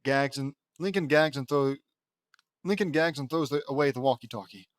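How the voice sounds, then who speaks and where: A man's voice: medium pitch, normal speed, no room sound, clean studio sound. A man reading his own fan fiction aloud in a casual way, stumbling into restarts and amused asides. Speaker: audiobook reader and author.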